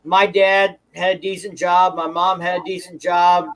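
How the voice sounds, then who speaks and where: A man's voice: sits high, level tone, moderate pace, fairly bright tone, rough recording. A man from the Ozarks, a motorcycle vlogger, chatting casually in a folksy, rambling way. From Ozarks, United States. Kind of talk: casual chat.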